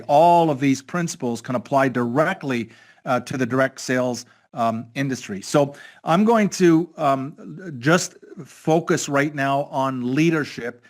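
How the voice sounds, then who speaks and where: A man's voice: mid-range voice, normal speed. A man giving a motivational talk on an online call, retelling a story with acted-out dialogue and frequent restarts. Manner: storytelling, repeats words and restarts, acts out quoted dialogue. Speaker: network leader presenting a training call. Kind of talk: motivational talk with retold anecdote.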